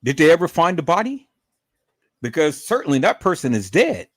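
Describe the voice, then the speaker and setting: In studio quality with a dry recording, a very animated, higher-pitched middle-aged man rants at normal speed on his livestream. He's profane and indignant, calling viewers "peoples," stumbling over repeated words and swinging to loud outbursts.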